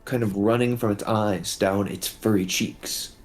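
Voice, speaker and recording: Male game master, slow and husky delivery, measured. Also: fairly low pitch, fairly even intonation, faint music behind. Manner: measured, descriptive. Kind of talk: narrating a tabletop game.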